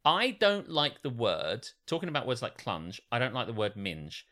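A man's voice: medium pitch, wildly swooping pitch, moderate pace, sharp tone. A British man co-hosting a comedy podcast, chatting casually, swearing freely and acting out other people in shifting voices. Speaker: podcast co-host.

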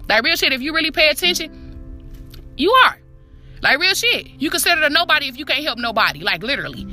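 A woman with a high, bright voice delivers a motivational podcast monologue, preachy and full of profanity. She talks straight to the listener and repeats herself for emphasis. Soft music plays faintly behind her. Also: very animated, fast talker. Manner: repetitive, emphatic street talk. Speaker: podcast host.

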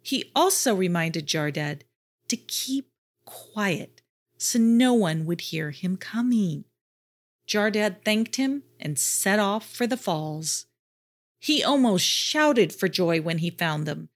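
Reading a children's story aloud, a woman narrates in an expressive storytelling voice. She takes it slowly, letting her pitch swing widely up and down.

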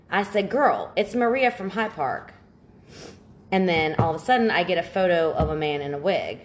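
A podcast co-host with a lower-pitched voice tells stories animatedly at a moderate pace during a casual chat. She swears freely as she goes.

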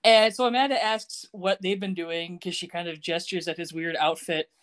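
A woman's voice: on the low side, normal speed. Chatty woman who laughs a lot. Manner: chatty, laughs often, animated retelling. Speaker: podcast co-host. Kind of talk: casual chat recapping a TV show.

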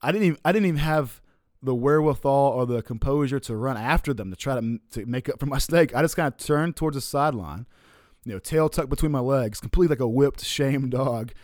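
Man, adult, casual storyteller, profane and laughing, mid pitch, dry recording. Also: fast, dry recording. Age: adult, looking back on his college years. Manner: relaxed and profane, with frequent laughs and fillers.

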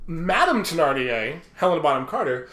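Co-host for casual film talk: chatty and quick to laugh, lively pitch, recorded in an echoey room. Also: a little hiss or hum. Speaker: podcast co-host.

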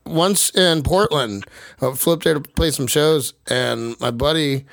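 A man's voice: on the high side, a little slow, gravelly, fairly bright tone, no echo, clean studio sound. A young man on a podcast, chatting casually over a video call and telling stories while laughing and swearing. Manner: laughing storyteller, swears freely. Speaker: podcast host. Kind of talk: casual chat.

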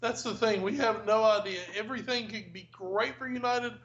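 Male podcast co-host, high bright voice, hedging takes, muffled lo-fi sound. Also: moderate pace. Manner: thoughtful, hedging opinions with fillers. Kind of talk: casual sports podcast chat. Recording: dull lo-fi mic with faint hiss.

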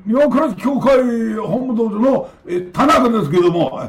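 A man voicing an older Japanese male karate sensei, flustered and formal, speaking in a high, excited, halting way. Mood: startled.

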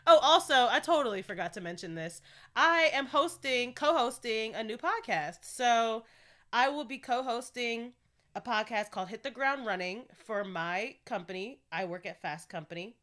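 A woman's voice: on the high side, animated, normal speed, bright, forceful tone. A young woman hosting her own podcast in a casual, candid solo chat, talking freely and laughing often. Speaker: podcast host.

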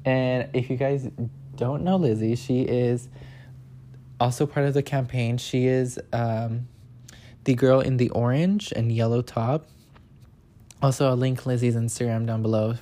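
A young man chatting casually in a vlog, telling a story with lots of filler words and acting out quotes in a higher voice. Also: fairly even intonation, a little slow, long pauses, mellow. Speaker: vlogger.

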